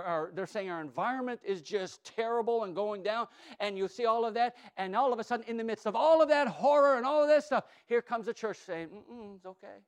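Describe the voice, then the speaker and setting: A man preaching a sermon, emphatic, calling out to his congregation and repeating words, often dropping to a soft, low tone. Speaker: pastor.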